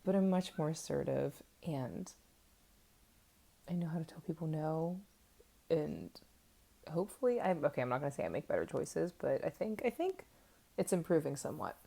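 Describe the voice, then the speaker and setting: Woman in her 30s, vlogger, low gravelly voice, candid and self-mocking, casual storytelling. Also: expressive, moderate pace, long pauses, mellow.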